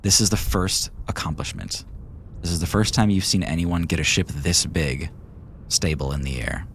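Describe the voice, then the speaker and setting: A man with a low, deep voice narrates a tabletop game as game master, calm and descriptive. Faint hiss runs underneath the recording. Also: moderate pace.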